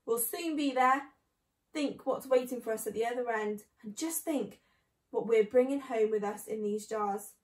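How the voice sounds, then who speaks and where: A woman's voice: fairly high pitch, normal speed, reverberant, recorded from a distance, close to an everyday voice. A woman voicing a clever, cheerful male fox and father, in a storybook reading. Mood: cheering.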